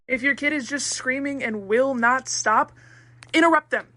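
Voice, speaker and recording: A woman giving blunt, casual parenting advice, swearing and acting out quick voices. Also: high voice, sharp tone. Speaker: parenting tips creator.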